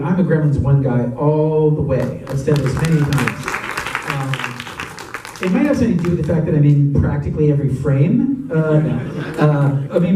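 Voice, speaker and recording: A man answering audience questions after a screening, telling stories in a chatty, animated way and laughing often. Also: on the high side, background noise. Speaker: actor and guest of a Q&A. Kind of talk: audience Q&A storytelling. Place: cinema auditorium. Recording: echoey cinema from far off.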